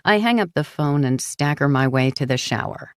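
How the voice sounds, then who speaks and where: A woman narrating a first-person audiobook in a hushed, brooding manner. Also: low-pitched, lively intonation, normal speed, no room sound, clean studio sound.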